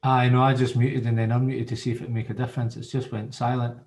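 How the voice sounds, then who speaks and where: A man's voice: mid-range voice, flat delivery, fast talker, a little mellow, slight background noise. A man hosting a video-call interview, friendly and chatty as he prompts his guest. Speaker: host, interviewer.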